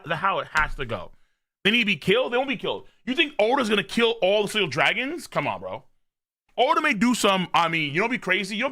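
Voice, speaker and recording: A man streaming a live reaction to a manga chapter, excitable and profane, rambling as he reads. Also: high-pitched.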